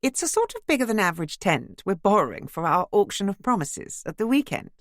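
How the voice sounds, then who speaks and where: A woman's voice: medium pitch, big pitch swings, a little fast, no room sound, clean studio sound, voice pushed up. A woman voicing a posh, tactful neighbour with a cut-glass, breezy way of talking, in a storybook reading. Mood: polite.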